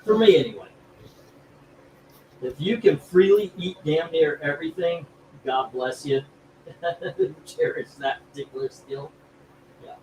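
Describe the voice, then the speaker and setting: Male stream host, slightly higher voice, loose jokey rambling, faint hiss behind. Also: sing-song, a little slow, long pauses, a little mellow, poor audio. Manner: rambling, jokey, laughs easily. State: feeling sick from food poisoning. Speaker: comic book auction host. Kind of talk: casual live-stream chat.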